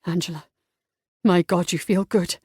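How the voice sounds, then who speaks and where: A deep-set, husky young Regency lord, tender and ardent, spoken close and dry, as a woman narrator puts him on. His voice sits well below a woman's usual range. It is an audiobook romance character. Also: steady tone, moderate pace, darkish tone, no echo. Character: ardent young male Regency gentleman lover.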